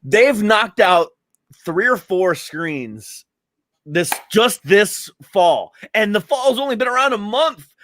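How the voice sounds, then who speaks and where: Middle-aged man, high-pitched, loose swearing storyteller in a podcast chat, dry close mic. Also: lively intonation, slow pace, fairly bright tone, dry recording. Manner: rambling, swears casually, laughs often.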